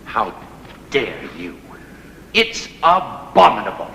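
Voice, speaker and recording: A man's voice: fairly low pitch, wildly swooping pitch, slow, vocal fry, bright, forceful tone, a little hiss or hum, exaggerated voice. A stage actor playing a shabby, indignant male tramp who mocks and reproaches. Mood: reproachful. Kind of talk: stage play performance. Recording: distant, echoey stage hall recording.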